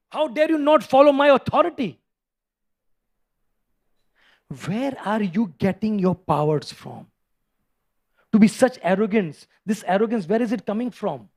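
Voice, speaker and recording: A man's voice: a little high, sing-song, unhurried, voice pushed down. A man voicing a furious, tyrannical demon king who demands obedience. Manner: roaring, domineering, demanding.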